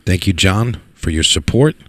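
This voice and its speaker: A man giving live play-by-play commentary on a pool match, excitable and repeating words for emphasis. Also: deep voice, moderate pace, no echo. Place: pool hall.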